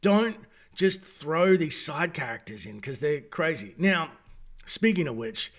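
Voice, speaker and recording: An Australian man giving a casual, opinionated review, talking in an animated, digressive way. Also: on the high side, unhurried. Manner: animated, digressive, acts out quoted voices. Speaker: video reviewer.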